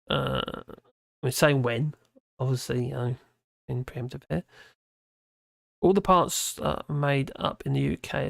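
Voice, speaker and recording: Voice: medium pitch, creaky, dry recording, studio quality. A tired stream host with a mumbling, rambling manner and many restarts, chatting casually and reading out comments.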